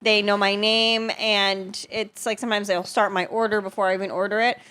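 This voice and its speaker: A woman's voice: mid-range voice, level tone, fairly quick, pushed and bright. A woman in her thirties hosting a podcast, chatting casually and animatedly, laughing often and swearing freely. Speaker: podcast host. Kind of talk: casual chat.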